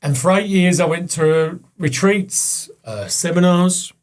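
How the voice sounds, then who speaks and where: A man guest with a husky voice, telling a candid, sweary personal story in casual chat and acting out the voices of the people he quotes. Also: high-pitched, measured pace.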